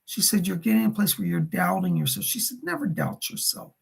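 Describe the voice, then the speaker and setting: A man with a gravelly, raspy voice hosts live psychic readings. His pitch swings up and down as he relays spirit messages and thanks viewers by name. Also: huge pitch swings, fast. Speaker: psychic medium on a livestream.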